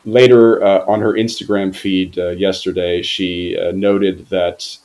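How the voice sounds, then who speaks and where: A man from Germany, speaking as a football reporter guest on a podcast in a formal, measured way with frequent hesitations. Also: deep voice, flat delivery, darkish tone, low-quality recording. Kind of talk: podcast interview.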